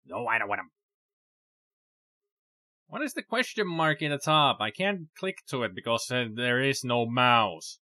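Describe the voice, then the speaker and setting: Slow, hesitant man playing a game. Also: medium pitch, sing-song, pushed and bright, no echo. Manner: hesitant, thinking aloud with many fillers. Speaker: let's play host. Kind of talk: casual gameplay commentary.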